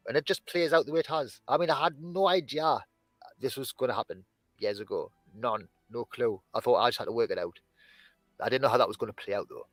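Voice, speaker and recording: A man's voice: mid-range voice, no room sound, low-quality recording. A man talking as a guest in an unscripted conversation, rambling and restarting his thoughts. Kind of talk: casual conversation.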